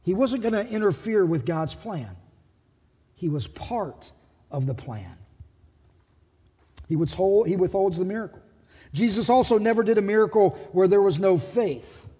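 A man preaching a sermon as pastor, animated and acting out the people he quotes. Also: high-pitched, moderate pace, long pauses, husky, in a large hall. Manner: animated, acts out quoted voices. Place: church sanctuary.

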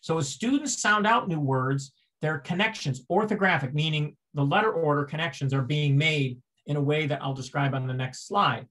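A man's voice: on the high side, moderate pace, few pauses, a bit bright. A man giving a seminar lecture, explaining step by step, asking rhetorical questions and restarting phrases as he goes.

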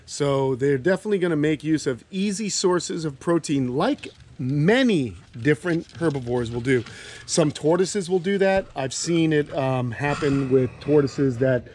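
In a fairly high, animated yet slightly slow voice with a darkish tone, a man hosts a relaxed vlog outside by his animal enclosures. The reptile keeper and channel host talks in a friendly, chatty way, speaking to his reptiles as he goes.

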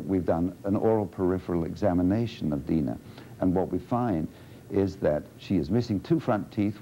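A man, a speech clinician, gives a measured, explanatory demonstration of a speech evaluation on an old dull lo-fi 1980 videotape. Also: deep voice, gravelly, warm tone, slight background noise. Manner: measured, explanatory, patient coaxing with a child. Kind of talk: instructional demonstration.

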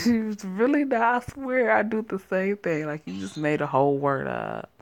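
A woman's voice: mid-range voice, sing-song, moderate pace, vocal fry. A woman giving casual, joking commentary over a story game, with profane asides. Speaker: gaming channel host.

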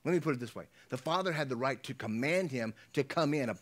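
Brief: middle-aged male pastor, informal preaching, mid-pitched, often asks the room if they follow. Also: animated, fast talker. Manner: conversational, repeats words, checks in with the congregation. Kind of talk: sermon.

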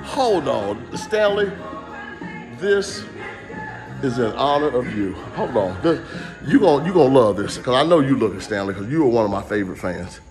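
A man's voice: mid-range voice, very animated, moderate pace, over music. A man doing a casual live-stream comedy rant, rambling and jumping between jokes and asides.

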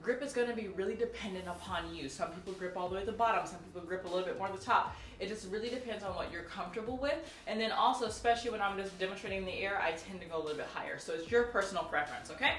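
A woman's voice: medium pitch, rapid-fire, few pauses, fairly bright tone, a little hiss or hum. Brief: woman instructor counting drills, echoey room, mic at a distance. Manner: counts out moves and cues students; chatty, laughs and jokes with viewers. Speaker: martial arts instructor. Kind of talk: instructional tutorial.

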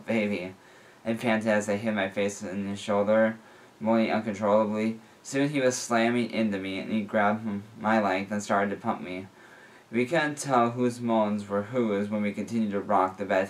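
A man reads a fan fiction story aloud. His voice sits somewhat low, and his reading is plain and unhurried. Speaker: reader.

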